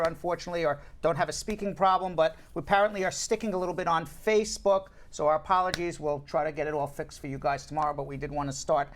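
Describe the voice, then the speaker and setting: Joking, animated male show host. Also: high-pitched. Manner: animated, joking, self-deprecating. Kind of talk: casual live show chat.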